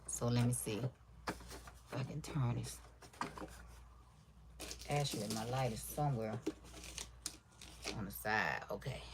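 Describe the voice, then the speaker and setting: A woman with a low, soft-spoken voice chats casually with her livestream viewers while she sews. She keeps her talk deliberately quiet and gentle, sprinkling in "y'all" and "baby". A faint hiss sits under the recording. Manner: talks low and soft on purpose. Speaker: livestream crafter.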